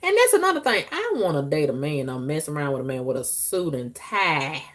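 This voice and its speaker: A woman talking frankly to her viewers in a casual, profane monologue, breaking into loud squealing outbursts. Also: low-pitched, sing-song, brisk. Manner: frank, profane, conversational drawl.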